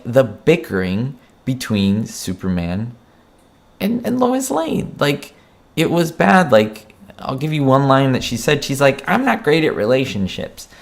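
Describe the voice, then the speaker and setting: A man's voice: mid-range voice, creaky. A man giving a casual spoken film review, passionate and frank, often repeating words and asking "right?" as he goes.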